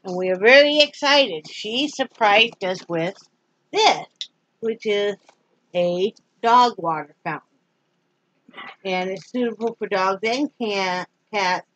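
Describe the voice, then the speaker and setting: A woman's voice: mid-range voice, slow pace, fairly bright tone, dull audio, a little hiss or hum. A woman from Wyoming chatting casually in a daily vlog, rambling and folksy. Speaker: vlogger.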